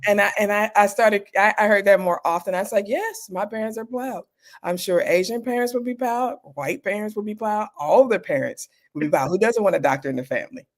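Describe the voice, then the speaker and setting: A woman's voice: mid-range voice, a little fast. A middle-aged woman doctor, a guest in an interview, telling personal stories candidly and acting out the people she quotes.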